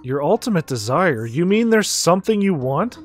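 A man's voice: a little high, big pitch swings, moderate pace, faint music behind. A man reading the lines of a frightened teenage girl priestess in a video game, nervous and questioning.

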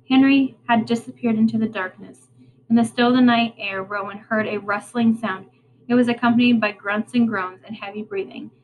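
A woman's voice: fairly high pitch, slight background noise, poor audio. A woman reading a storybook aloud to children with expression, stopping to ask them questions. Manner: expressive, prompting listeners to think.

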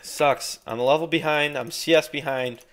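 A man's voice: fairly high pitch, steady tone, moderate pace, a bit bright. A young man giving frustrated, swearing live commentary over his own gameplay. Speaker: gameplay streamer.

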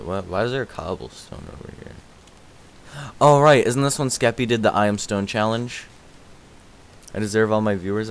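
A man streaming a game live, rambling excitedly, answering chat and thanking viewers as he plays. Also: lowish voice, slight background noise. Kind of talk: live gaming stream chatter.

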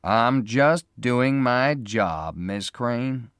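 A man voicing a hard private detective who speaks in a flat, unfriendly and deliberate way. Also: medium pitch, clean tone, no room sound, clean studio sound, voice pushed up.

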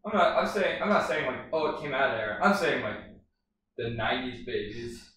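A man's voice: medium pitch, animated, fairly quick, fairly bright tone. A man in his twenties, co-hosting a podcast and arguing his point emphatically in casual chat. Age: 20s. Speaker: podcast co-host. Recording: roomy and distant, faint hum.

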